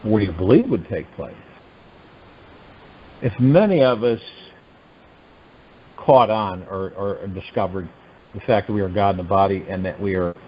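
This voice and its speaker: A man's voice: lowish voice, unhurried, pauses often. Man musing aloud on a muffled phone call. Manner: animated, musing, asks rhetorical questions. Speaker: spiritual teacher hosting a meditation call. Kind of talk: spiritual teaching talk. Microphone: telephone conference line.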